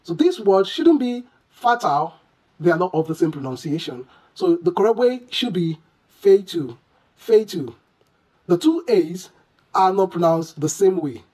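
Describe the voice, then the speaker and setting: An English pronunciation teacher giving a lesson, who quizzes the listener with questions and repeats each word slowly and deliberately. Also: medium pitch, sing-song, warm tone, husky, low-quality recording.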